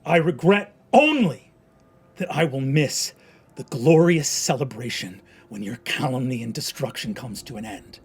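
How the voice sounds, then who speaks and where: A man voicing a condemned young man at the gallows who pleads urgently, then hurls loud defiance. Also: medium pitch, animated, measured pace, long pauses, slightly rough, exaggerated voice. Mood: defiant.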